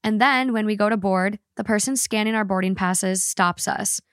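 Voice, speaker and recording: A woman's voice: medium pitch, moderate pace, clear, resonant tone, no room sound, studio quality. A woman co-hosting a podcast, reading a listener's story aloud with expression and then chatting casually about it.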